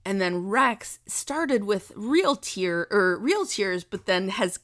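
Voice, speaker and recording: A woman in her thirties telling a family story in casual chat, animated and swearing freely as she acts out quotes. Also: medium pitch, takes it slowly.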